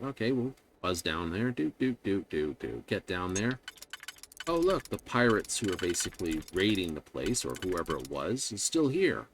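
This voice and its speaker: A man's voice: sits low, sing-song, moderate pace, slight background noise. A man streaming a space game, chatting casually and sarcastically, often mimicking the game's characters. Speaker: gaming streamer. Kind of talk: casual live-stream commentary.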